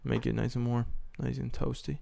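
A man's voice: medium pitch, level tone, normal speed, vocal fry, warm tone. A young man co-hosting a casual sports podcast, rambling and often checking in with "right?". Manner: rambling, repeats himself, asks "right?". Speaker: podcast co-host. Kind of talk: casual chat.

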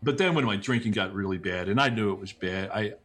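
A middle-aged man, a podcast guest, telling personal stories in a casual, animated way, with many restarts and quick asides. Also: fairly low pitch. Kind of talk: casual conversational storytelling.

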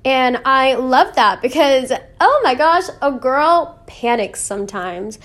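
A young woman with a high voice hosts her own faith podcast. She talks in a casual, heartfelt way, filling her sentences with "like" and small laughs. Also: expressive, slow, fairly bright tone. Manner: earnest, chatty, full of "like" and laughs. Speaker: podcast host.

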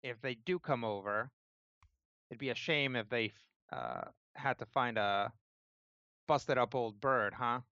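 A hard, menacing woman enforcer, as a man puts her on, curt and threatening. The voice is bright and clear, with slightly muffled lo-fi sound. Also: mid-range voice, a little slow, dry recording.

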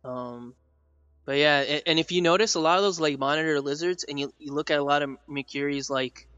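Bright-voiced rambling man on a podcast. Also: on the high side, fairly quick, clear, resonant tone, lo-fi sound. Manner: rambling, many "like" fillers, laughs often. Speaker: podcast co-host and dinosaur artist. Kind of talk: casual podcast chat.

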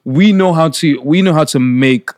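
Animated young man from Nigeria, dry sound. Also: fairly high pitch, moderate pace, no echo. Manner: animated storyteller, slangy. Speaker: podcast co-host. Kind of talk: casual chat.

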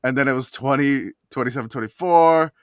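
A man's voice: mid-range voice, fairly quick, smooth, dry recording, studio quality. A man co-hosting a casual sports podcast, rambling with many restarts. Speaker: podcast co-host.

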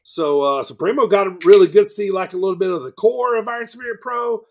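A man's voice: high-pitched, a little fast. A man hosting a podcast, recapping a weekend in a rambling, casual way with lots of fillers. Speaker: podcast host. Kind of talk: casual chat.

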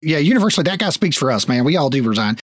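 A man's voice: on the high side, sing-song, very fast, no echo, clean studio sound. A man doing a flustered fawning guard. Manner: flustered, over-polite. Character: jittery nervous male guard, fawning.

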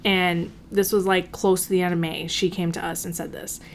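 Swearing, animated woman. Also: lowish voice, moderate pace, a little hiss or hum. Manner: animated storytelling, swears often, acts out quotes. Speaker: podcast co-host. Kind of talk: casual chat.

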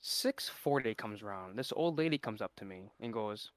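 Dude ranting about a customer, voice jumps all over, dry close mic. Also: male voice, on the low side, expressive, moderate pace, dry recording. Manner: exasperated storyteller, mimics customers. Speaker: podcast co-host. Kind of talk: casual chat.

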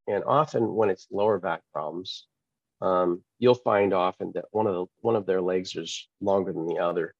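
Lively low-voiced man telling a story. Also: moderate pace, no room sound, muffled recording. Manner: animated, acts out quoted dialogue. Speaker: pastor and author, guest. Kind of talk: storytelling testimony in an interview.

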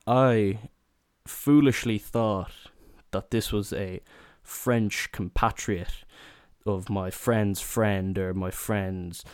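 A man's voice: fairly low pitch, fairly even intonation, extremely slow, clear, resonant tone, dry recording, studio quality. Young man telling a rowdy, cursing holiday story. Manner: swears a lot, acts out quotes in raised voices. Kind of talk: casual comedic anecdote.

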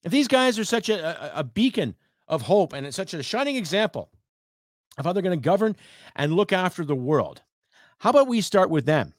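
A man's voice: on the high side, no echo, studio quality. A man from Canada hosting a podcast, delivering an angry, sarcastic rant with some swearing. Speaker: podcast host. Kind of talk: ranting podcast monologue.

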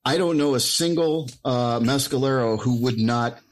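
A man's voice: mid-range voice, normal speed. A man from the United States in casual podcast chat, speaking earnestly with his opinions and some swearing.

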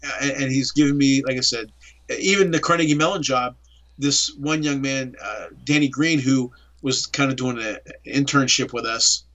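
A man's voice: medium pitch, moderate pace, muffled recording. A middle-aged man from the Pittsburgh area, telling his story in an interview and acting out the dialogue. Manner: animated, acts out dialogue in storytelling. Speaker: interview guest.

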